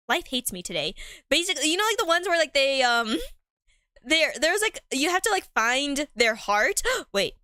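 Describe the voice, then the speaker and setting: Woman streamer, higher-pitched, bright, rambling casual chat, giggly, dry close sound. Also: big pitch swings, normal speed, no echo. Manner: rambling, giggly, full of fillers. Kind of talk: casual chatty game stream.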